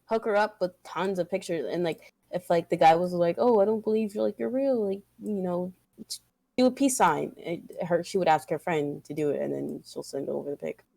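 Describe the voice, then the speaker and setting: A young woman co-hosting a podcast in casual chat, slangy and quick to laugh. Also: on the low side, vocal fry, a little mellow, dry recording. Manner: slangy, laughs often, says bro. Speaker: podcast co-host.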